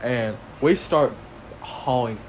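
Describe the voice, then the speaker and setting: Dude telling a crazy story, blunt and cussing, mid voice, slight hiss. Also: male voice, medium pitch, takes it slowly. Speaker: podcast co-host. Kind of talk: casual storytelling.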